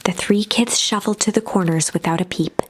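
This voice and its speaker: A woman's voice: medium pitch, normal speed, slightly rough. Woman narrating a game story.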